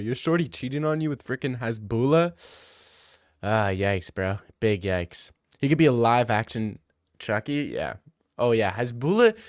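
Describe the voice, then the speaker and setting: A man's voice: medium pitch, dry recording, studio quality. A young man rambling through crude comedic riffs, laughing as he goes.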